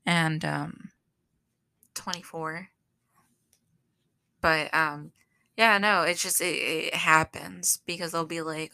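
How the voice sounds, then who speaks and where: A woman's voice: low voice, fairly even intonation, takes it slowly, gravelly, pauses often, pushed and bright, no echo. A woman co-hosting a podcast, chatting casually with lots of fillers. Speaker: podcast co-host. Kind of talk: casual chat.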